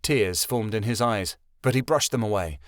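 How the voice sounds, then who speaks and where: A man narrating a fantasy audiobook in a steady storytelling voice. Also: on the low side, moderate pace, dry recording, clean studio sound. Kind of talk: scripted narration.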